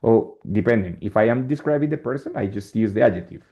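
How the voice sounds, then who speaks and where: A man's voice: on the low side, expressive, fast, mellow. A man with a Spanish accent teaching an English lesson in a classroom, explaining step by step and often checking with "right?". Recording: dull lo-fi classroom recording.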